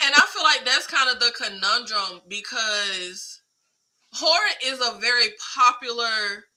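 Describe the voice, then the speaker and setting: A woman hosting a film talk show in casual chat, animated and slangy. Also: on the high side, measured pace, low-quality recording. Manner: animated, slangy, emphatic, laughs often. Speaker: film podcast host.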